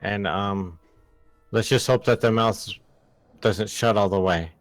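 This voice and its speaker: A man's voice: on the low side, slow pace, no room sound, faint music behind. Hesitant man player, dry close sound. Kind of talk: tabletop game chat.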